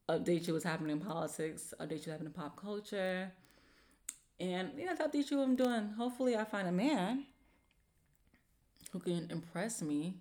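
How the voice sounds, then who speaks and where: Lower-voiced woman ranting on her podcast. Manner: animated, exasperated, swears freely; slangy informal speech. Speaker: podcast host. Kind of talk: casual solo podcast rant.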